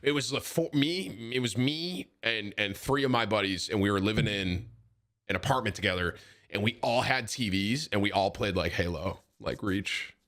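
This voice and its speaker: A man's voice: fairly low pitch, moderate pace, fairly bright tone. A man in his thirties, a streamer chatting casually at a desk mic, rambling with many restarts and frequent laughs. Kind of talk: casual chat.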